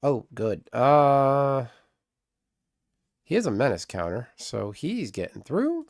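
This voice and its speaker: A man's voice: medium pitch, sing-song, slow pace, vocal fry, no room sound. Dry-voiced man trash-talking through gameplay. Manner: muttering, trash-talking his opponent. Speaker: streamer. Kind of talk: live gameplay commentary.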